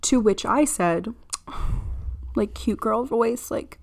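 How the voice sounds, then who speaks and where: A woman's voice: on the high side, extremely slow, a little mellow. A young woman hosting a podcast, telling a candid story in a chatty, casual way and acting out what others said. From Florida. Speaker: podcast host.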